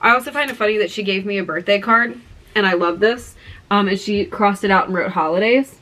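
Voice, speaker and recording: A young woman vlogging to camera, telling an excited story with gushing exclamations and lots of fillers. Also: medium pitch, a little fast.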